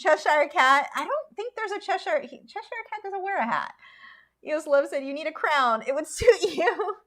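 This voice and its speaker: A woman's voice: high-pitched, fairly bright tone. A woman artist chatting casually and opinionatedly with viewers while she paints, laughing often. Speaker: artist streamer.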